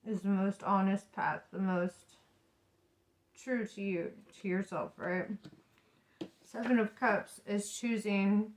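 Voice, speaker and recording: Woman, tarot reader, casual reading, blunt and profane, frequent laughter, mid-pitched voice. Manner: frank and profane, laughs often, says "right?" a lot.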